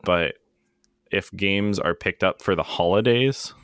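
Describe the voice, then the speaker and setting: A man with a very low voice chats easily on a podcast, relaxed and self-deprecating, full of ums and little restarts. The sound is close and dry, with no room around it. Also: measured pace, smooth, dry recording. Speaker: podcast co-host. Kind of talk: casual chat.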